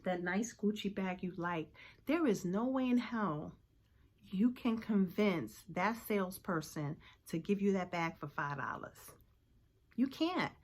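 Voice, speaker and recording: A vlogger in her forties gives a personal motivational talk to camera, earnest and reflective, with many fillers. Her mid-range voice has lively intonation and a slightly slow pace.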